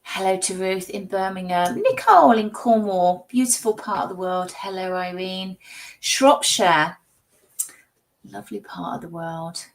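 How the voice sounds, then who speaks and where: A woman's voice: mid-range voice, unhurried, low-quality recording. A woman hosting a live tarot stream, chatting and greeting viewers by name. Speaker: psychic tarot reader and livestream host. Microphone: streaming setup.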